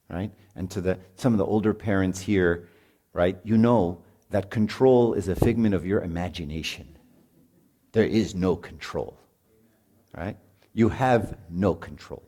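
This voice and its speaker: A middle-aged man talks to parents in a loose, chatty sermon, tossing in "right?" again and again. His voice sits a bit low, with a soft, mellow tone. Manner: informal, peppered with "right?", acts out parents and kids. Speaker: speaker at a marriage retreat.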